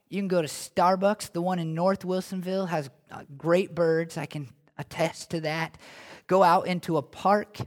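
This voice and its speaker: A man preaching a sermon in a casual, conversational way, then leading a prayer, with emphatic rises. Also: a little high. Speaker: pastor.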